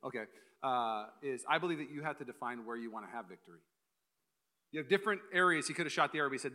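A young male pastor preaches in quick, energetic bursts, his voice bright and forceful. He keeps slipping into playful asides before driving the point home, pitched a touch high for a man. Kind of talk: sermon. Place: church hall.

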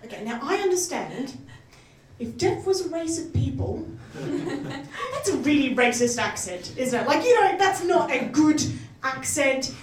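A woman's voice: high voice, a little hiss or hum. A woman performing a stand-up comedy set, self-deprecating and often laughing through her lines. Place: live comedy venue. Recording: echoey room heard from a distance.

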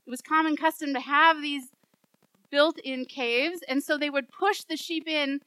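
A woman pastor preaching a sermon, telling a story in an animated way and acting out the voices in it. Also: sits high, measured pace, no echo, low-quality recording.

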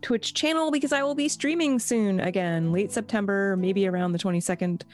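A woman player introducing herself gently with many hesitations. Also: medium pitch, brisk, faint music behind. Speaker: player and streamer. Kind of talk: casual chat.

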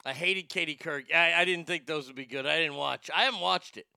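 A man with a high, bright voice and a gravelly edge hosts a casual commentary show. He talks bluntly and swears freely, joking his way through posts he reads aloud. The sound is smooth and dry. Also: fairly quick, no room sound. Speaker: show host.

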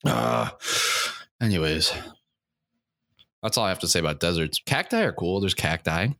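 A man's voice: sits low, lively intonation, normal speed, a bit bright, no echo, clean studio sound. A young man hosting a comedic rant, rambling with many fillers, crude and profane, getting worked up as he goes. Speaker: podcast host.

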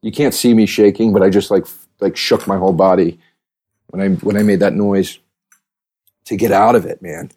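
This man's voice is low and darkish, his intonation fairly even and his speed normal. He's a podcast host drifting through a loose, casual monologue, restarting himself and saying "like" constantly.

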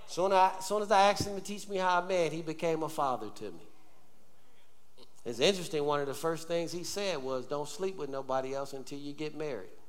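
A male pastor delivers a sermon in a high-pitched voice, pressing the congregation to respond aloud. His voice rings through a church with a long, lingering reverb. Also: fairly quick. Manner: call-and-response preaching, urging the congregation. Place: church sanctuary.

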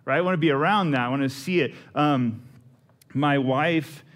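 A man's voice: a little high, moderate pace. A man, preaching a sermon in a casual, storytelling way with asides to the congregation. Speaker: pastor.

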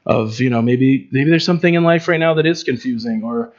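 A man's voice: mid-range voice, brisk, lo-fi sound. A man preaching in an informal, conversational way, with frequent fillers and restarts. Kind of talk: informal Bible teaching.

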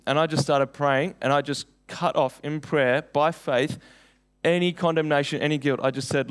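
A man's voice: a little high, steady tone, moderate pace, clear, resonant tone. A young man preaching a sermon, telling personal stories in an earnest, conversational way.

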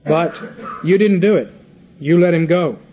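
Older man, Bible lecturer, casual retelling with acted-out dialogue, slightly high voice, muffled lo-fi sound. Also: unhurried. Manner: retells scripture in casual paraphrase, acting out dialogue. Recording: muffled lo-fi recording.

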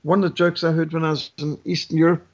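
A man's voice: fairly high pitch, level tone, fast. A man speaking as a guest who lectures with anecdotes and jokes, in an emphatic, repetitive, preacher-like cadence.

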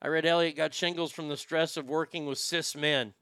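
A man's voice: fairly high pitch, steady tone, a little fast, sharp tone, smooth, no echo. A man hosting a talk show, delivering a sarcastic, dismissive monologue full of stumbling restarts. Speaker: podcast host.

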